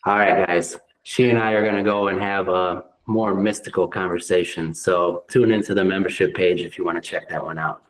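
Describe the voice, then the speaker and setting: A man's voice: low voice, fairly even intonation, normal speed, hardly any pauses, poor audio. A man with an American accent hosting a casual interview, upbeat and curious as he asks about slang. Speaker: host.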